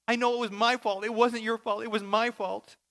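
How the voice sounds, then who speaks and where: A man voicing a remorseful young woman, rehearsing a halting, tearful apology to her father. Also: very high-pitched, flat delivery, gravelly, pushed and bright, pitched above the performer's own voice, full character voice. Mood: pleading.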